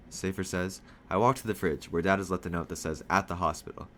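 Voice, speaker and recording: A man reading a children's novel aloud in steady first-person storytelling, lightly voicing the dialogue. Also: low-pitched, fast talker, few pauses, slight background noise.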